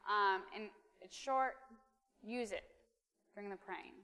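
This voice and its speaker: A woman giving an informal sermon, chatty with many fillers, then softly counting a congregation through a breathing exercise in church. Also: mid-range voice, takes it slowly, clean tone. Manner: soft counting during breathing. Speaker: preacher. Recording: reverberant church hall.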